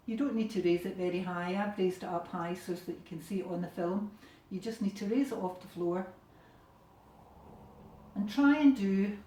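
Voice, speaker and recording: Scottish woman leading a home exercise class. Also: medium pitch. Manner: gentle, encouraging instructions with relaxed fillers. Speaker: fitness instructor. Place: bedroom at home. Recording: roomy sound from a distant camera.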